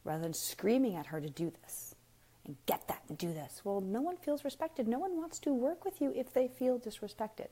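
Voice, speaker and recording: A woman's voice: fairly high pitch, animated, moderate pace, dark tone. A woman giving a frank, emphatic parenting talk in a casual live stream, full of rhetorical questions and speaking straight to her viewers. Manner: frank and blunt, addresses viewers directly.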